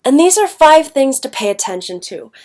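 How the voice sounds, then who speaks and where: An English teacher from Ohio gives a recorded class lecture with a stuffed-up nose, chatting along and frequently checking in with "okay?". Her voice sits high with big pitch swings, a darkish tone, and a moderate pace.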